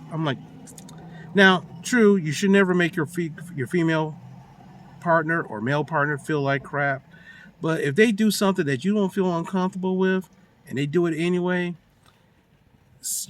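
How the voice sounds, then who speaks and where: A man's voice: sits high, fairly bright tone. A man ranting casually to his phone about a friend's relationship, telling the story with acted-out quotes and slang. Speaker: vlogger giving relationship advice. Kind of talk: casual rant to camera.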